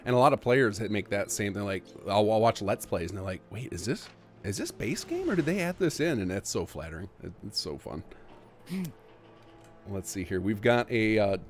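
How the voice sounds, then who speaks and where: Low-voiced male streamer host. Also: slight background noise. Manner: upbeat, reads donations aloud, laughs often. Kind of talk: casual livestream chat.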